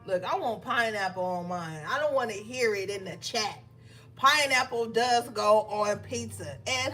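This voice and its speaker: A woman giving a casual, emphatic tarot reading, talking straight to her viewers. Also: medium pitch. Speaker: tarot reader.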